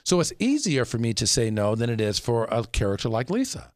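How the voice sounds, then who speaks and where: Man hosting a chat, coach-like explainer, lively intonation, dry sound. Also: mid-range voice, brisk, dry recording. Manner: coaching, explains with points and tips. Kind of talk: casual talk show discussion.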